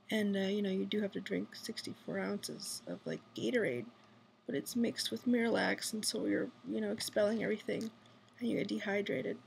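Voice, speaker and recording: A woman's voice: mid-range voice, gravelly, a little hiss or hum. A woman whispering a rambling video diary at night from a hospital room, full of fillers. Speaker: vlogger. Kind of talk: hushed personal video diary.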